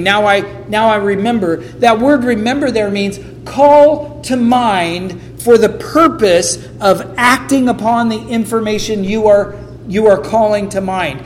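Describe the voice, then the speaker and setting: A man's voice: high voice, a little hiss or hum. A man preaching a sermon in a conversational way, acting out quotes from the people he talks about. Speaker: pastor.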